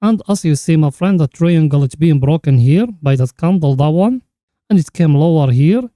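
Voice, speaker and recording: A man's voice: a little high, lively intonation, normal speed, warm tone, dry recording. A man hosting a market chart analysis, talking the viewer through it in an earnest, instructive way and repeating the same catchphrases. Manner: keeps addressing the listener as friend, repetitive catchphrases. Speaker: crypto chart analyst host.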